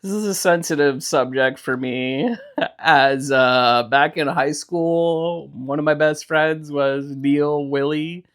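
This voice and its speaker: A man's voice: on the high side, slow pace, fairly bright tone. A man co-hosting a podcast in casual chat, laid-back and tossing in dry quips. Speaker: podcast co-host.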